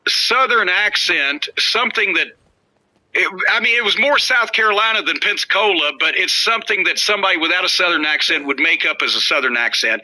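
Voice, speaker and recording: A man's voice: high voice, bright, forceful tone, rough recording. A middle-aged man hosting a podcast, telling wrestling stories in a blunt, profane, mocking way. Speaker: podcast host, former wrestling worker. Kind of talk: casual storytelling chat.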